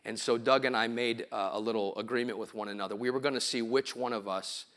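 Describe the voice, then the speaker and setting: A man's voice: medium pitch, steady tone, fast, fairly bright tone. A middle-aged man, a pastor, preaching a sermon in a church. He tells stories, acts out sounds and quotes, and builds to emphatic preaching. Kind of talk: sermon with storytelling. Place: church sanctuary.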